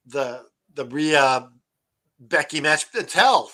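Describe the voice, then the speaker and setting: Bright, higher-voiced man joking. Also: lively intonation. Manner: halting, many fillers and restarts, jokey. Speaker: podcast co-host. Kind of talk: casual wrestling review chat.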